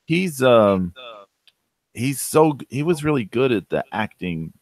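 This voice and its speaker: Rambling mid-pitched man, dry sound. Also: sing-song, unhurried, darkish tone, no echo. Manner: rambling, filler-heavy, says "like" a lot. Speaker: podcast host. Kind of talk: casual wrestling chat.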